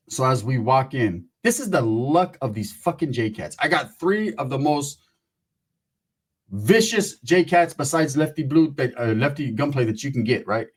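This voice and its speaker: A man telling a profane comic story in an animated way, acting out his characters. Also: mid-range voice, normal speed, husky. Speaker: comedian.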